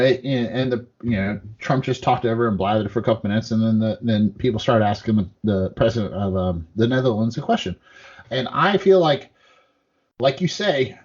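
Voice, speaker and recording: A man rambles through politics on a podcast, swearing freely and acting out quotes as he goes. His voice sits at an ordinary pitch. The recording is a little dull and muffled. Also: darkish tone. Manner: profane, rambling, acts out quotes. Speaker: podcast co-host. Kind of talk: casual political chat.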